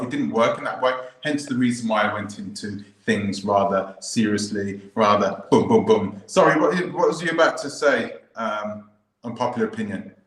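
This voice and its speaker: A man's voice: lowish voice, roomy sound, poor audio. A man hosting a casual discussion who talks animatedly and cuts in to make his point. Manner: animated, interjecting.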